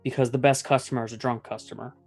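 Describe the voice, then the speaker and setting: A man's voice: mid-range voice, fast talker, vocal fry, soft background music. Easygoing man explaining game tips. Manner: relaxed explainer, fillers like um and like. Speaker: podcast host. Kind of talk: casual chat.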